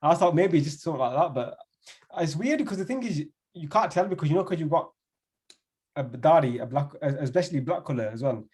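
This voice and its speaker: A man's voice: on the high side, animated, fast talker, a little mellow, slightly rough. A young man from England with a Bradford accent, co-hosting a podcast in chatty, casual conversation. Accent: Bradford English. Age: young adult. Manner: chatty, laughs often, repeats words. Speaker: podcast co-host. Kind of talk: casual chat.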